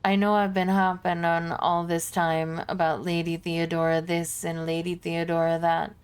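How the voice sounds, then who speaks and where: A woman's voice: on the low side, flat delivery, normal speed, clean tone, natural voice. A woman voicing a weary, sentimental female psychic companion in a put-on accent, reading with a wistful manner.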